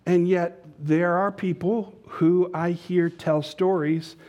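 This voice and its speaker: Conversational male preacher, slightly high voice. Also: fairly even intonation, takes it slowly, a little mellow, dull audio. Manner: conversational preaching with joke-telling asides. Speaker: pastor. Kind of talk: sermon.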